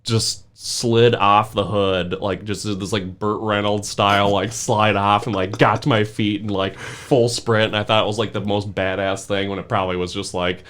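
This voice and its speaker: As a podcast guest, a young man tells a wild story at a moderate pace with few pauses, his voice lowish. He's animated, laughs often, and fills his casual storytelling with "like."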